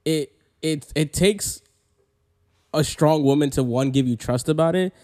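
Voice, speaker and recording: A man's voice: on the high side, measured pace, mellow. A man, a DJ guest, earnestly explaining his view in a casual studio chat.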